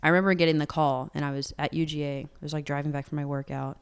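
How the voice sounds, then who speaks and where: A young adult singer-songwriter speaks openly in an interview, earnest and candid, using "like" heavily. Her low, smooth voice has a level tone and a quick pace.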